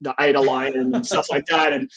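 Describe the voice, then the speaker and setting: A man's voice: medium pitch, level tone, moderate pace, a bit bright, breathy edge, dull audio. A man from Australia with a mild Australian accent, chatting casually on a podcast in a goofy, joking, self-deprecating way. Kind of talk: casual chat.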